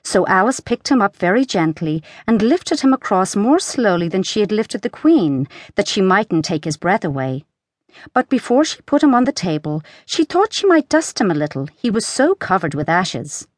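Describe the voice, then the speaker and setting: A woman narrating a children's storybook audiobook in a lively, expressive reading. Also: mid-range voice, normal speed, dry recording, studio quality.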